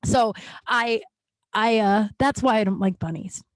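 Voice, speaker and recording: A woman's voice: fairly high pitch, unhurried, no echo. A woman in her thirties hosting a podcast, telling candid personal stories in a rambling, self-correcting way and laughing at them. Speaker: podcast host.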